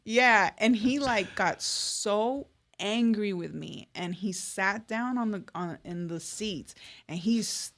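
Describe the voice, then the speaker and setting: Animated young woman telling stories. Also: medium pitch, slow. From Los Angeles. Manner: animated storyteller who acts out quotes, laughs often. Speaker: guest artist. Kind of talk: casual storytelling interview.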